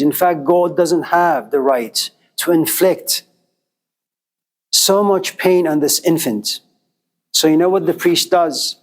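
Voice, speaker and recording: Storytelling male lecturer, slightly high voice. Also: darkish tone. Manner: conversational, addresses listeners directly; acts out quoted characters with jumps in pitch.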